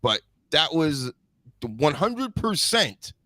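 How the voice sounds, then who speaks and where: A man's voice: fairly high pitch, sing-song, takes it slowly, sharp tone, dry recording, studio quality. A man hosting a live-stream podcast, commenting bluntly and profanely in a rambling casual way. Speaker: podcast host.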